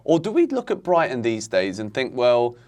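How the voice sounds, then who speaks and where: A man hosting a casual football chat, talking in animated, exasperated rants. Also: mid-range voice, normal speed. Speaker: football podcast host.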